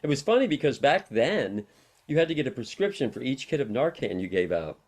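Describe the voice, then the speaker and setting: Here a middle-aged man, a harm reduction worker invited onto an interview show, rambles through extended anecdotes from his own life, casually and with plenty of laughter. His mid-pitched voice has a sing-song lilt, a touch of mellowness, and a brisk pace.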